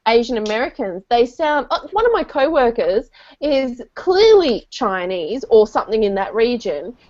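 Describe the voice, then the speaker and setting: A woman's voice: a little high, sing-song, moderate pace, darkish tone. A woman, thinking aloud in a casual book club chat. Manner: chatty, thinks aloud with fillers. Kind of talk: casual discussion. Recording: dull lo-fi sound.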